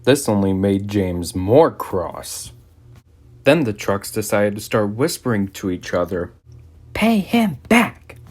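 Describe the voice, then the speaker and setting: Man narrating a storybook with lively pitch. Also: unhurried. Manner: animated reading with voices. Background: music.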